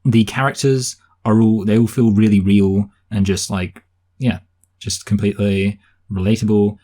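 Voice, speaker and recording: A man with a southern English accent chats through a film review, thinking aloud with plenty of restarts. His voice sits a little low, with a dark, mellow tone and a breathy, husky edge. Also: steady tone, moderate pace. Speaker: podcast co-host reviewing films. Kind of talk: casual chat.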